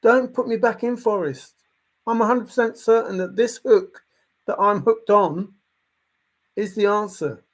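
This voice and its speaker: A man's voice: high voice, unhurried, voice pushed up. A man voicing a desperate treasure searcher as a hooked fish, begging over and over not to be thrown back. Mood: pleading.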